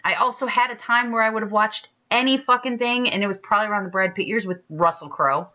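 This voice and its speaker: Casting: bright-toned, low-pitched woman, casual candid chat, dull lo-fi sound. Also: fast. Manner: candid, enthusiastic, swears casually. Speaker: podcast co-host.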